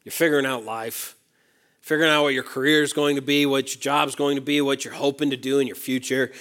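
A man preaching a sermon to young adults, reading scripture aloud and swinging between emphatic peaks and hushed asides. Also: medium pitch, fairly even intonation, a little fast. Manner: reads scripture aloud and acts out the quoted lines.

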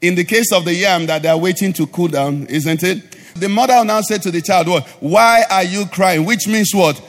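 Male pastor, high sing-song call-and-response sermon, live hall reverb. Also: fairly quick. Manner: call-and-response preaching, asks the congregation to finish sentences; sing-song rising delivery at climaxes. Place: church. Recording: live church hall with reverb and faint music.

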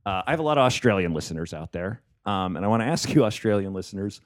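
A male comedian spinning a long story on a podcast, his pitch swinging up and down as he goes. He swears freely and laughs at his own punchlines, in a relaxed, chatty tone. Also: fast talker. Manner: animated, profane, laughs often while telling a story. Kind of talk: casual storytelling chat.

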